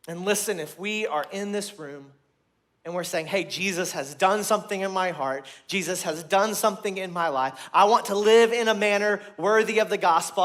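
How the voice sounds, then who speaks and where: Bright-voiced man preaching a sermon. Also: sits high. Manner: earnest, repeats phrases, restarts words; grows loud and emphatic at key points.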